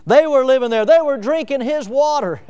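A man's voice: very high voice, lively intonation, moderate pace, dark tone, smooth. A man from Northwest Florida preaching a sermon, asking the congregation pointed rhetorical questions and building up emphasis. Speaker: pastor.

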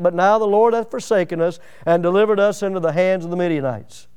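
A man preaching a sermon, animated and humorous, acting out scripture scenes. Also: high voice, brisk, few pauses, smooth. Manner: animated, acts out biblical voices with humor.

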